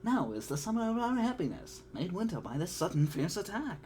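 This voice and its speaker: C-3PO, a man putting on a fretful, high droid. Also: sing-song, a little fast, darkish tone, a little hiss or hum. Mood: alarmed. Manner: fretful, reciting in old-fashioned verse. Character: fussy, anxious male protocol droid.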